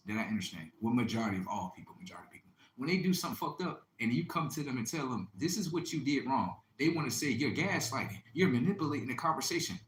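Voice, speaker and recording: A man hosting a livestream, delivering a boastful, taunting, profane monologue that swings between loud outbursts and low mutters. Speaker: livestream host. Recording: echoey room with faint ambient noise.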